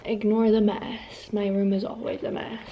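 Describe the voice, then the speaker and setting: A woman's voice: medium pitch, level tone, moderate pace, echoey room, highs cut off, slight background noise. A woman in her twenties chatting casually in a reading vlog, rambling and full of fillers. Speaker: vlogger. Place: messy bedroom. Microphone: phone camera.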